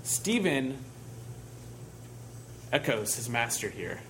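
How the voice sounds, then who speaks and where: A man's voice: medium pitch, sing-song, takes it slowly, fairly bright tone, a little hiss or hum. A man preaching a sermon in a conversational way, telling stories and asking rhetorical questions.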